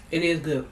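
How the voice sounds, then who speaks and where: A low-voiced woman chats easygoingly to her viewers between bites of food, humming as she chews. The sound comes from a laptop mic in a roomy, echoing space with a faint hiss underneath. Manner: chatty, talks while eating, hums between bites. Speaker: vlogger. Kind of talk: casual eating vlog chat. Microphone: laptop built-in mic. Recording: roomy laptop recording with faint background noise.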